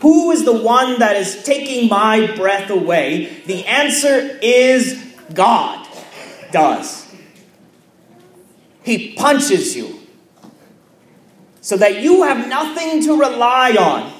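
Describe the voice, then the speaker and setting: A man preaching a sermon as pastor, measured and emphatic, with repeated phrases and pauses. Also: high voice, very animated, roomy sound. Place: church.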